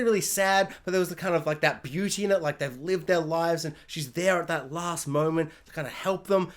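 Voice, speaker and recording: Man, casual review rant, excitable, rambling, filler words, high voice. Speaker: show reviewer.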